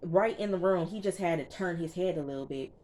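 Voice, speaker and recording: A woman giving a casual, animated recap of a TV episode, talking straight to her viewers and checking in with them often. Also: on the low side, a little fast. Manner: chatty and animated, keeps checking in with listeners. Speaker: TV reviewer.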